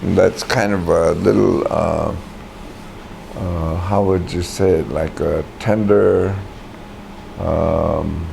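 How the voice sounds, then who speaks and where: A man's voice: sits low, fairly even intonation, takes it slowly, creaky, darkish tone, slight background noise. A man teaching a language class, patiently saying words aloud for the students to repeat.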